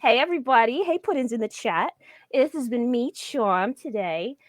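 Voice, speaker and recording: A woman putting on a high, bubbly cartoon villainess voice for a stream outro, peppered with cursing. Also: animated, normal speed, no room sound, studio quality, lightly acted. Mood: chipper. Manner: pushes voice high, chipper, cursing.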